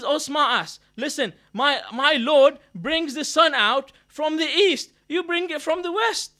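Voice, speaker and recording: Impassioned high-voiced preacher. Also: male voice. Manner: impassioned, swings between loud declaiming and quiet storytelling; quotes Arabic verses. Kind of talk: sermon. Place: mosque gathering hall.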